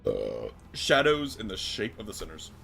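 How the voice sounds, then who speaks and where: A man's voice: lowish voice, wildly swooping pitch, normal speed, vocal fry, fairly bright tone, faint music behind. A man streaming a story game, reading its text aloud and joking around with casual swearing.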